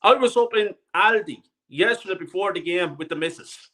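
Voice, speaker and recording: A man on a live call-in show telling an animated, profane story. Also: high-pitched, moderate pace. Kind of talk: heated call-in chat.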